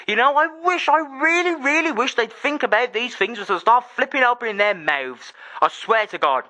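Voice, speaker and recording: A man's voice: very high voice, lively intonation, normal speed, hardly any pauses, sharp tone. An angry young English man ranting and swearing on his solo gaming podcast.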